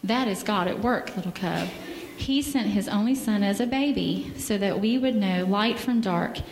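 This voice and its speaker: Gentle woman reading children's story in church. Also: mid-range voice, moderate pace, slight background noise. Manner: gentle, animated, asks children questions. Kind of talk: reading a picture book to children. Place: church sanctuary. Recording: echoey hall with faint ambience.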